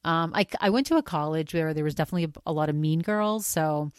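A woman hosting a podcast, talking casually in a rambling, animated way with frequent restarts and tangents. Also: sits low, fast, smooth, no echo, studio quality. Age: older than college age. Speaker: podcast host.

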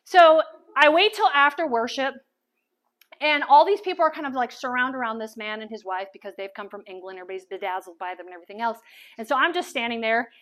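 A woman telling a personal testimony as a sermon, animated and full of stammered restarts. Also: on the high side, fast. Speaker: speaker sharing testimony. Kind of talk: sermon storytelling.

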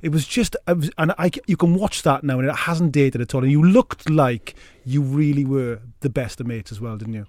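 A man interviewing a guest, enthusiastic and halting, with many restarts. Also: mid-range voice, a little mellow, no room sound. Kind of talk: casual interview chat.

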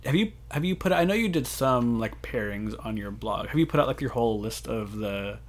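A man's voice: mid-range voice, lively intonation. Playful man hosting a podcast. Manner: playful, joking, quick asides. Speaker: podcast host. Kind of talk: casual podcast chat.

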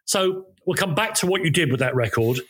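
A man's voice: fairly high pitch, expressive, brisk, a bit bright, slightly rough. A man on a podcast recounting music-journalism anecdotes in a rambling, self-interrupting way, recording from a room at home. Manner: rambling, self-interrupting, many ums and restarts. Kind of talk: casual anecdotal chat. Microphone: home recording, video call.

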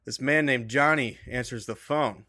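A man's voice: medium pitch, moderate pace, pushed and bright, no echo, clean studio sound. A man appearing as a podcast guest, telling a story in a laid-back way with frequent fillers and "right?"s. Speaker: guest, copier salesman. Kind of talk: comedic podcast banter.

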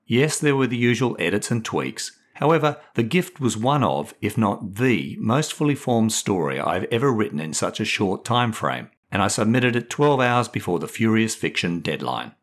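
A man's voice: lowish voice, moderate pace, hardly any pauses. A man reading his own short stories aloud and explaining how he wrote them. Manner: expressive storyteller. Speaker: writer and narrator.

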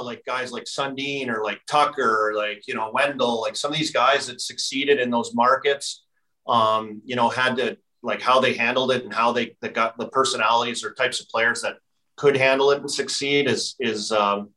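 A man's voice: medium pitch, sharp tone, distant mic, rough recording. A man, a former hockey player, guesting on a podcast and telling stories in a rambling way full of fillers. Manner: rambling, heavy use of filler "like". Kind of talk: casual storytelling chat.

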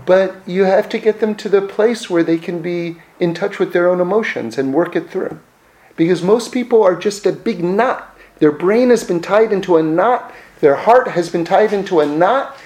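A man's voice: high-pitched, normal speed, a little mellow, rough recording. A man teaching in casual conversation, who repeats key phrases for emphasis and acts out the voices of the people he describes.

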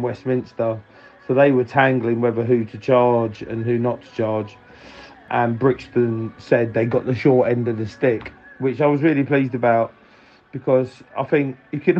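A man's voice: medium pitch, fairly even intonation, moderate pace, muffled recording. A man phoning in a rambling, profane story and laughing as he talks. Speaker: caller. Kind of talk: casual phone-in story.

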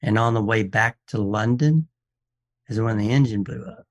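A man's voice: fairly low pitch, moderate pace. A man who appraises watches, telling stories as a guest on a casual radio show, acting out the people in them as he goes. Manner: animated storyteller, quotes people in dialogue, frequent restarts.

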